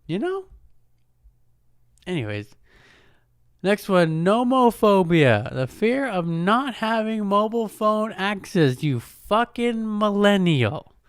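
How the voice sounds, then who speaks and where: A man's voice: sits high, big pitch swings, takes it slowly, clear, resonant tone, no room sound, studio quality. A man hosting a podcast, riffing in a mocking, profane way and laughing at his own jokes. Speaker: podcast host. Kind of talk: casual comedic monologue. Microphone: podcast microphone.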